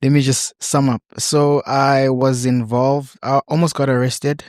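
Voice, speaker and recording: A young man in his early twenties, a podcast guest telling a personal story haltingly with many ums. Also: medium pitch, flat delivery, a little mellow, no room sound, studio quality. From South Africa. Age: 20s.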